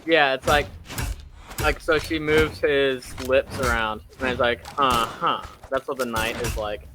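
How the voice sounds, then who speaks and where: A man's voice: medium pitch, flat delivery, measured pace, background noise. A young man hosting, casually retelling a film plot in rambling fashion, full of fillers and self-corrections. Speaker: host.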